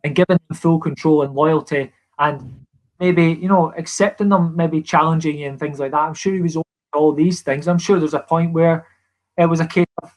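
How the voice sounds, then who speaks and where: A man's voice: fairly high pitch, fairly even intonation, brisk. A man with a Scottish accent, a former footballer as podcast guest, telling stories earnestly with many restarts. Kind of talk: casual podcast chat.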